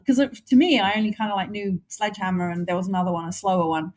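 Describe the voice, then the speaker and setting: A woman's voice: mid-range voice, steady tone, quick pace, a little hiss or hum. An English woman co-hosting a casual podcast, teasing and laughing through the banter. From England. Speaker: podcast co-host. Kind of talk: casual chat.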